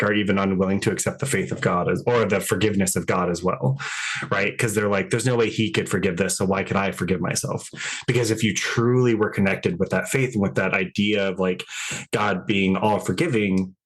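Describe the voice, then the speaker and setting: A man who works as a dating coach chats loosely on a podcast in a low voice. His tone is husky and full of casual fillers. He often acts out imagined conversations with clients.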